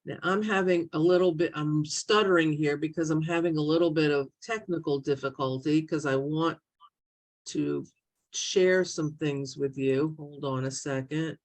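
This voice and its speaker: A middle-aged woman teaching an online Bible study over a video call, speaking haltingly with many fillers and restarts. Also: deep voice, steady tone.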